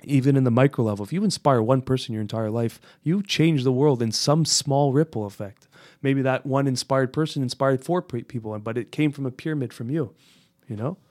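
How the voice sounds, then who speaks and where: Man, mid-pitched voice, earnest and reflective, casual podcast chat, dry close mic. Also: a little fast, darkish tone, no echo. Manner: earnest, reflective, laughs easily. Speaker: podcast co-host.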